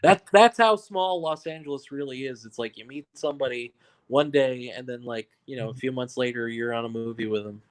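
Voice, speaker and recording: Brief: man from New York, guest director, chatty and teasing, mid-pitched everyday voice. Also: fairly quick, clean tone. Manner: joking, ball-busting, laughs at own stories. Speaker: guest filmmaker. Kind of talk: casual interview storytelling.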